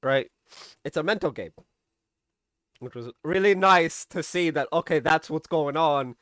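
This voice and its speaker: A man's voice: fairly high pitch, a little slow, a bit bright, dry recording, studio quality. A man casually recapping and reviewing a TV episode, chatty, often tagging on "right?" and swearing now and then.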